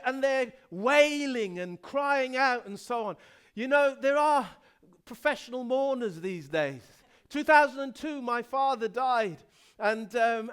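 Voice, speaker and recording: Male pastor, middle-aged, from England, high voice, slow deliberate sermon, dramatic storytelling. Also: clear, resonant tone. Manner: dramatic storytelling, swings from hushed to loud.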